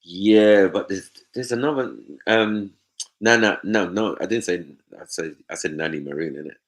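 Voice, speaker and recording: A young Nigerian-background man hosting a panel speaks low at a normal speed. The talk is casual and loose, with plenty of swearing and the occasional mimicked voice.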